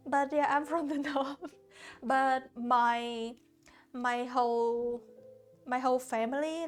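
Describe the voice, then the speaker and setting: Vietnamese-native woman streamer from Hanoi, chatty but halting, slow delivery over quiet background music. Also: fairly high pitch. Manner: halting, searching for words, frequent restarts. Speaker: art streamer. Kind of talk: casual chat with viewers while painting. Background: soft lo-fi music.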